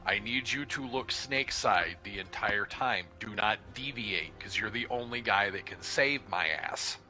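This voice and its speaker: A man telling a profane, animated paintball story in casual chat, acting out what people said. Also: on the low side, measured pace, soft background music. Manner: profane, animated, acts out dialogue.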